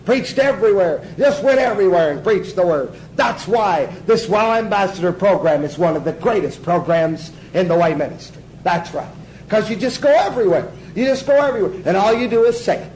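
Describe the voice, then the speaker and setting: Emphatic high-voiced male preacher. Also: a little mellow, a little hiss or hum, poor audio. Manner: emphatic, asks the class questions and answers them, chuckles. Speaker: Bible teacher. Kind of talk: sermon teaching to a class.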